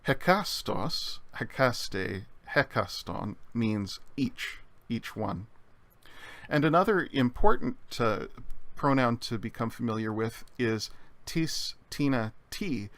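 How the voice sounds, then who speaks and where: A man teaching Greek vocabulary in a measured lecture, explaining slowly with frequent pauses and fillers. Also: mid-range voice, a bit bright, no echo. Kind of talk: recorded lecture.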